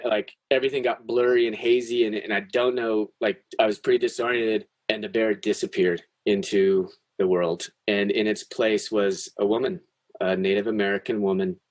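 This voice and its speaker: A low-pitched man speaking into a close podcast mic, telling a personal story with earnest intensity. He stumbles over restarts and swears now and then, and the sound is dry and close with no room echo. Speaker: podcast guest. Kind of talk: storytelling in casual chat.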